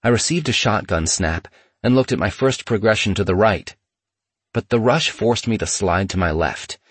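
Low husky male memoir narrator. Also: dry recording. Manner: steady, measured storytelling.

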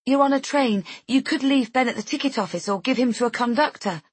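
Frightened young mother on a phone call voiced by a woman, high and breathless, slightly husky. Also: a little fast, no room sound. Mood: urgent. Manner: breathless and pleading.

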